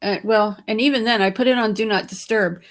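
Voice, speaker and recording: A woman's voice: mid-range voice, a little fast. Tired woman rambling casually. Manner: rambling, relaxed, self-correcting. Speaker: guest on a live stream. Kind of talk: casual chat.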